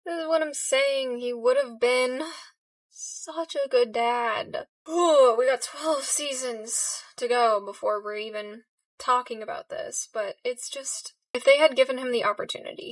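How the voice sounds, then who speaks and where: A woman's voice: fairly high pitch, fairly even intonation, normal speed, no echo, distant mic. Gushing woman reacting to a TV show. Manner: gushing, emotional, talks back to the screen. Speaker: reaction video host. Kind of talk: casual reaction commentary.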